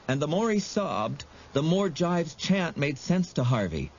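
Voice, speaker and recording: A man narrating an audiobook with dramatic, expressive storytelling. He reads slowly, and his fairly high voice rises and falls a great deal. The recording is a little muffled, with faint noise underneath.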